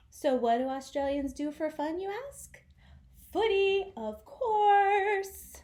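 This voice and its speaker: A woman's voice: high voice, unhurried, darkish tone. A young woman from the United States hosting a travel vlog in playful, jokey scripted narration with theatrical asides. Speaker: vlog host.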